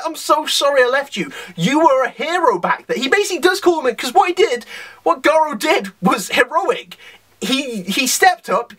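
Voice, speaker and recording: A man talking through a comic chapter review in a loose, rambling way. His pitch swings all over the place, and he keeps slipping into acted-out lines from the characters. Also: sharp tone. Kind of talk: casual video review.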